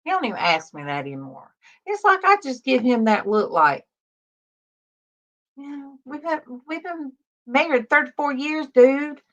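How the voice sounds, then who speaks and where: A woman in her fifties with a Southern US accent, chatting slowly and softly on a livestream and greeting viewers by name. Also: high voice, sing-song, muffled recording. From Alabama, US South. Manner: slow, soft-spoken, greets viewers by name. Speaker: livestream host. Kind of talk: casual livestream chat.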